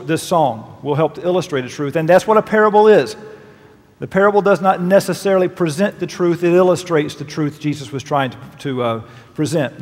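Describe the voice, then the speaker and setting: A male pastor preaching a sermon, reading scripture verses aloud with emphatic, lively delivery. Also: a little high. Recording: long reverb of a large hall.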